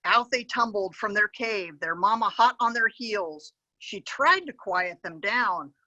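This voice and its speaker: A woman reading a picture book aloud to children as a park educator, gently pointing to the pictures and adding animal sound effects. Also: medium pitch, animated, a little slow, no room sound, dull audio.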